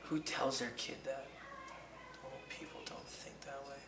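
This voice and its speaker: A man's voice: mid-range voice, little pitch movement, moderate pace, heavy background noise. A man delivering a rambling, conversational spoken-word rant over a music track. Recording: roomy echo over loud music.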